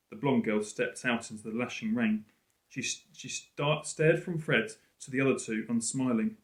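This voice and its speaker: A male teacher reading a storybook aloud in an expressive, lively way. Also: medium pitch, moderate pace. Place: school room. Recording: roomy echo.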